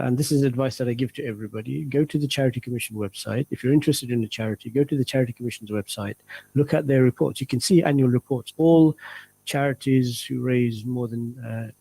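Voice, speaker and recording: A man talks as a guest on a radio interview, earnest and measured, and slows down to stress his points. His voice is dark and mellow, with a gravelly rasp. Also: mid-range voice, rough recording. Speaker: charity representative, guest.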